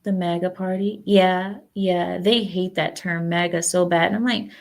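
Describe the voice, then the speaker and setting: Gravelly-voiced woman hosting a casual stream. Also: mid-range voice, fairly even intonation, moderate pace, few pauses. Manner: chatty, rambling, opinionated, talks back to chat. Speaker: livestream host. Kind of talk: casual political chat with viewers.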